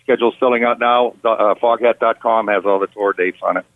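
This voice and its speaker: A man's voice: lowish voice, fairly quick, no room sound. A man who tours as a rock guitarist, talking casually with lots of fillers in an interview, and rambling as he goes. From Pittsburgh, United States. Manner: rambling, relaxed, many fillers. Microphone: phone. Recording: tinny dry phone line.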